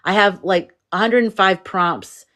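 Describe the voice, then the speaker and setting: A woman's voice: mid-range voice, unhurried, a bit bright. A woman hosting a casual livestream, rambling and restarting, greeting viewers and reading their comments aloud. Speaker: livestream host.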